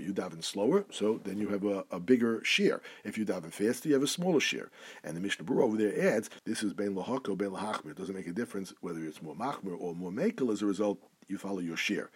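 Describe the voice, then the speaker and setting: Husky man teaching a halacha lesson. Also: on the low side, darkish tone. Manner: reads Hebrew text slowly, then explains in English. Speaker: Torah teacher.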